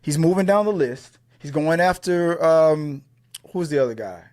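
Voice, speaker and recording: A man's voice: on the high side, animated, moderate pace, a little mellow. A man co-hosting an entertainment news show, talking in heated casual commentary, profane and full of stammered restarts. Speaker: co-host of movie news show.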